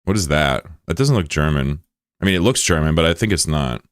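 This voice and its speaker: A young man from the United States chats loosely with his livestream audience in a deep voice that rises and dips with a lot of movement. He jokes around and trips over words in other languages. The sound is dry and close to the mic. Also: animated, a little fast, dry recording. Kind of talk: casual chat with a live audience.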